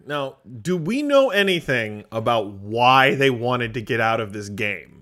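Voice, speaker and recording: A man's voice: medium pitch, very animated, a little slow, fairly bright tone. A man hosting a comedy sports podcast, joking playfully with his co-host. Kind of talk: casual comedic chat.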